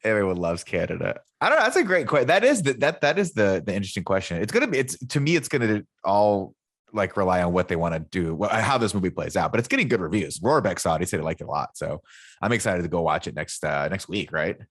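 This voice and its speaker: A man's voice: low-pitched, very animated, fast. A man co-hosting a podcast in casual chat, joking and tripping over his words. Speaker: podcast co-host.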